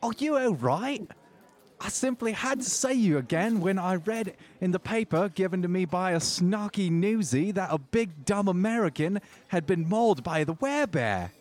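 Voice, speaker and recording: Guy doing a high, gushy jersey-accent dame, super dramatic, swoons all over. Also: animated, moderate pace, a little mellow. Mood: gushing. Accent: New Jersey. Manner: melodramatic, gushing. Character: dramatic petite young woman, swooning, theatrical.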